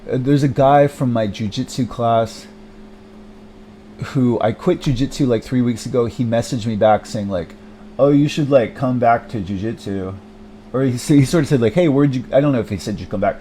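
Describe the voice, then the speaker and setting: A man's voice: mid-range voice, normal speed, mellow, a little hiss or hum. Hesitant young man rambling alone. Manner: hesitant, many fillers and restarts, self-deprecating, swears often. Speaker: vlogger. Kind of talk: rambling personal monologue.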